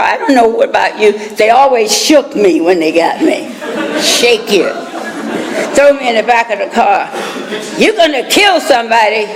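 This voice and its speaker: An older American woman telling her personal recovery story at a meeting, chatty and laughing through asides. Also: a little high. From United States. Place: meeting hall. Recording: reverberant hall.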